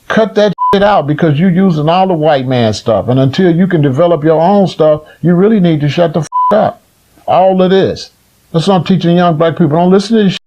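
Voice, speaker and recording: A community elder on a livestream lectures his listeners in a fiery, preaching rant, blunt and profane, hammering the same phrases again and again. His voice sits a little higher than most men's and rises into loud, near-shouted rhetorical questions. He speaks briskly, and the sound is lo-fi.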